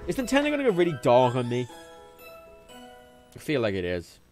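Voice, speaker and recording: Lively rambling young English man. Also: medium pitch, brisk. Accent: English with a faint Liverpool twinge. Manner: rambling, swears freely, jumps between topics. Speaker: livestreamer. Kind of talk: casual gaming livestream chat. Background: faint game music.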